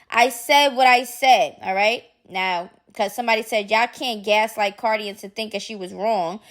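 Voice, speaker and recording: A woman's voice: fairly high pitch, a bit bright. A woman hosting a celebrity gossip channel, reading posts aloud and commenting in a sassy, chatty way. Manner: sassy, chatty, addresses viewers as y'all.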